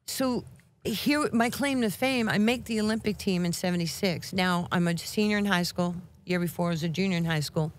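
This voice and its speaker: A woman in her sixties with a New York accent tells stories with a lot of energy, slipping into quick voices for the people in them. Her voice sits a little low for a woman, and she breaks into laughter often. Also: a little hiss or hum. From Brooklyn, New York. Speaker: guest. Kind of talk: animated storytelling.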